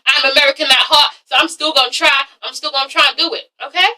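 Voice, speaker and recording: Recorded on a distant mic with low-quality audio, this London-accented woman from London vlogs reviews of TV shows while sick with a cold and cough. Her high voice is quick, sharp, and fairly even in intonation, and she's blunt and sweary throughout.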